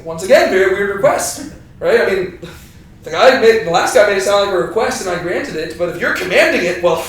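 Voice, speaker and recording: A man's voice: high voice, expressive, brisk, slight background noise. A man leading a Bible study with a small group in a room, joking, laughing often and checking in with "right?". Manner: playful, laughs often, keeps asking "right?". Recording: echoey room from far off.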